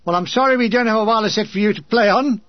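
A man's voice: high-pitched, racing, no room sound, muffled recording, close to an everyday voice. A man voicing a blustering, sniffing older army major who talks curtly and stammers over his words. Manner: curt, stammering repetition.

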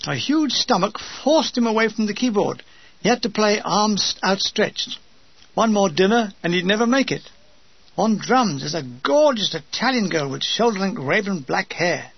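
A man's voice: high-pitched, animated, moderate pace, gravelly, breathy edge, no room sound, muffled recording. An older man reading his humorous wartime memoir aloud with a dry comic delivery, briefly mimicking his comrades.

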